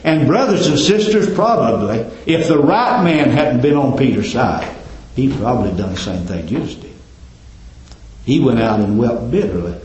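A male preacher delivering a fervent sermon, climbing loud and then dropping to a hush. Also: animated, normal speed, slight background noise. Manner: fervent, swinging between loud climbs and low hushed drops. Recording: very echoey, dull lo-fi church recording.

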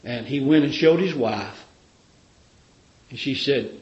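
A man's voice: mid-range voice, big pitch swings, unhurried, darkish tone, roomy sound, lo-fi sound. Fervent storytelling preacher man. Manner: fervent storytelling, rhetorical questions. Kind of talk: sermon.

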